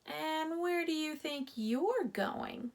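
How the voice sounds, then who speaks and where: Cranky storybook gopher played by a woman, curt and disagreeable, slow gravelly lines. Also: high-pitched, pitched above the performer's own voice. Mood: grouchy. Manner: curt and grouchy. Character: grouchy disagreeable male gopher.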